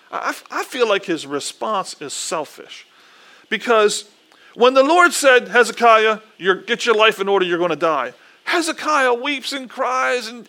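A man, speaking in a fairly high, bright voice. He reads scripture and then preaches earnestly and conversationally, stumbling and restarting as he builds emphasis. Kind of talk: Bible reading and informal sermon.

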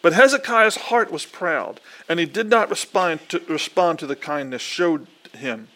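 A man preaching a sermon, reading scripture aloud, leading a prayer and telling the story in earnest, animated quoted dialogue. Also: on the high side, unhurried.

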